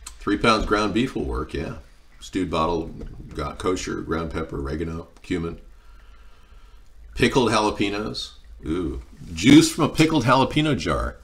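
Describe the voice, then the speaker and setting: A man with a fairly low voice hosts a laid-back cooking livestream. He talks in loose, meandering stories and breaks off now and then to answer his viewers' comments. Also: animated, a little slow. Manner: rambling, meandering storytelling, answering chat. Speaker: livestream host. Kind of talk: casual live-stream chat while cooking.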